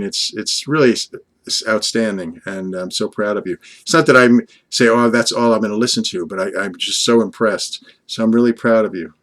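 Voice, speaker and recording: An older man from Long Island speaks in a slightly low voice, rambling on earnestly in a casual vlog. He talks fondly to an unseen companion, piling on praise and drifting between thoughts. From Long Island, USA. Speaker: vlogger.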